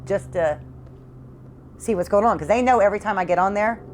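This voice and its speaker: A middle-aged woman telling an interviewer about her haunted house at home, in halting, earnest speech that repeats words. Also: mid-range voice, darkish tone, a little hiss or hum. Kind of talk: emotional interview testimony.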